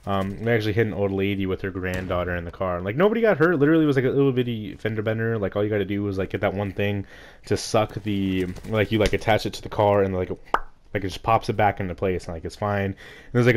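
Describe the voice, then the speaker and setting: A young man telling a frustrating story in a rambling, casual way, his voice rough from being sick. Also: fairly low pitch, fast talker. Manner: rambling, heavy use of "like", frustrated. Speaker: gaming vlogger. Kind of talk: casual storytime rant over gameplay.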